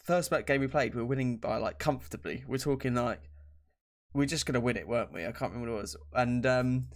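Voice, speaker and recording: A man's voice: mid-range voice, fast. Young British male podcast co-host, rambling casual delivery, frequent laughs. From Britain.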